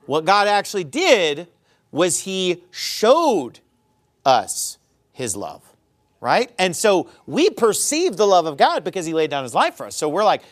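Guy preaching a sermon, voice way up high and swinging all over, reads out old bible verses. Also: unhurried. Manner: animated preaching, quoting scripture in old wording. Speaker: pastor.

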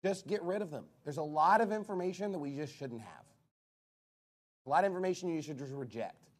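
A man with a fairly high voice delivers a sermon from the pulpit. He is emphatic and blunt, firing off rhetorical questions and answering each with a single punchy word. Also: lively intonation, fairly quick. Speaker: preacher.

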